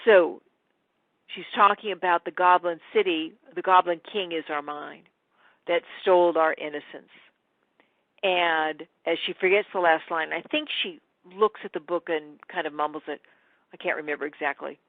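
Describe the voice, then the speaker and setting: A woman teaching in a webinar, an animated storyteller who acts out the quotes. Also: lowish voice, normal speed, dry recording, phone-quality sound. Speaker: spiritual teacher.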